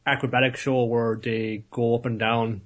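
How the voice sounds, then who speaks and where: A man's voice: medium pitch, little pitch movement, moderate pace. A man co-hosting a podcast, recapping anime episodes in casual chat, laughing and acting out characters. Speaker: podcast co-host.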